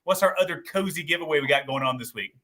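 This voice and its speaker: A man's voice: on the high side, fast talker, sharp tone. A man hosting a casual live stream, upbeat and promotional, chatting with a co-host and reading out viewer comments. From Texas.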